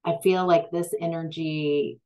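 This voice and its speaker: Low-voiced lady doing a tarot reading, slow, lots of ums and restarts. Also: fairly even intonation, dark tone, poor audio. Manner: slow, hesitant, with many fillers and restarts; gets emphatic when frustrated. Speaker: tarot reader.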